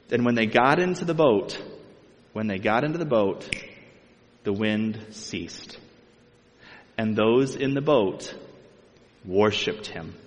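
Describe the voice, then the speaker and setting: A man's voice: medium pitch, a little slow, pauses often. Man preaching in a reverberant hall. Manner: conversational, asides and speculation with light laughs. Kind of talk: sermon, reading and explaining scripture.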